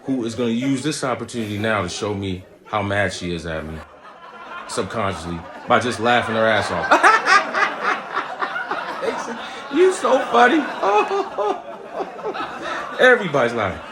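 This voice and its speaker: An animated, profane man tells a comic story in a lowish voice and keeps checking in with "right?". Background noise runs under the whole recording. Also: a little fast. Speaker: comedian, show host. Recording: noisy recording.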